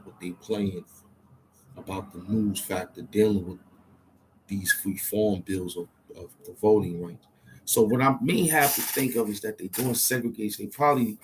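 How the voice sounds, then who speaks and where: Low-voiced man thinking aloud. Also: a little mellow, slight background noise. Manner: hesitant, repeats himself, talks to himself. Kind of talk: rambling monologue, thinking aloud.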